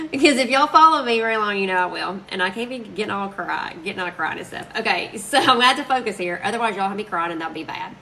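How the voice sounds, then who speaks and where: Lady crafting on a livestream, bright tense voice, talks a mile a minute and laughs a lot, bit of faint noise behind. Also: medium pitch, rough recording. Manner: chatty, gushing, quick to laugh. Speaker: crafter live-streaming. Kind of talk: casual live-stream chat while crafting.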